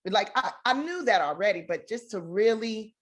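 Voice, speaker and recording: A woman in her thirties, an actress and guest, talks in a lively way and acts out quoted exchanges in a talk show interview. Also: medium pitch, moderate pace. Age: 30s.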